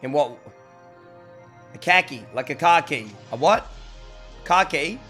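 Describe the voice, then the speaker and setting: A man's voice: mid-range voice, animated, measured pace, sharp tone. An Australian man talks casually on a live stream in a mid-range voice. He rambles, swears a little and keeps thanking his chat, with faint music underneath. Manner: loose and chatty, swears, thanks viewers for subs.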